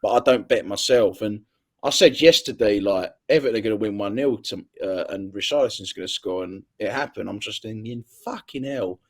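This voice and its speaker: A young man, talking in a casual, rambling way. His voice sits a bit low, he doubles up words as he goes, and he swears freely. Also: fairly quick. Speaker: guest. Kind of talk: casual interview chat.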